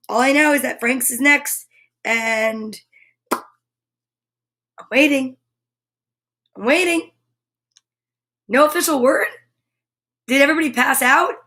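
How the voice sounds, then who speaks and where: A woman's voice: sits high, unhurried, pauses often, a bit bright. A woman hosting a casual live show, chatting playfully with viewers and reading a tongue-twisting sentence aloud. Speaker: show host. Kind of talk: upbeat live-stream chat.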